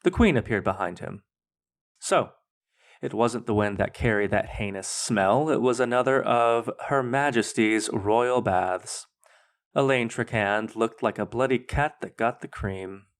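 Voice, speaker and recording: A man hosting a podcast, reading his own fan fiction aloud in a measured, dramatic way. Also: mid-range voice. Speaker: podcast host.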